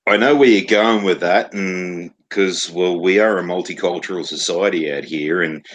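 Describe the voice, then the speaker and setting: A man's voice: sits low, normal speed. A Scottish man, a podcast co-host, telling rambling, profanity-laden stories in casual banter. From Scotland.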